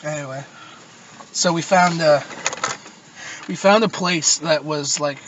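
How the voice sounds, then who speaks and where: A young man from Nova Scotia rambles through a story full of swearing and laughter. His voice sits a bit high. The muffled, distant recording carries loud background noise. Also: takes it slowly. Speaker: podcast host. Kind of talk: casual storytelling chat.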